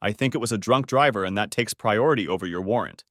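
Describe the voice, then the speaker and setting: Man reading as a police officer, brisk, louder, plain dry recording. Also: lowish voice, no room sound, close to an everyday voice. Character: male small-town police officer, brisk. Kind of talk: story reading.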